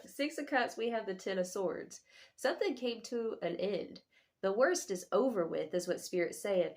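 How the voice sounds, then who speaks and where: Woman, young adult, tarot reader, casual slangy delivery, affectionate, cusses freely, mid pitch. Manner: slangy, affectionate, calls listener boo-boo, swears freely. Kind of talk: casual tarot reading to viewers.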